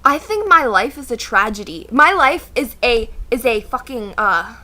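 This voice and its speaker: A woman's voice: a little high, big pitch swings, moderate pace, bright, forceful tone. A young woman vlogging a casual storytime rant, sarcastic and exasperated as she tells it.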